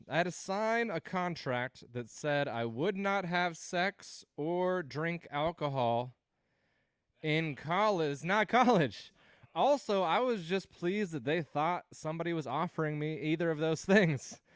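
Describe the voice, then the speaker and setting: A man's voice: a little high, normal speed, a bit bright, clean tone, no room sound. A man in his thirties doing a rambling, self-deprecating stand-up set on a livestream, laughing at his own jokes. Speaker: stand-up comedian hosting a livestream.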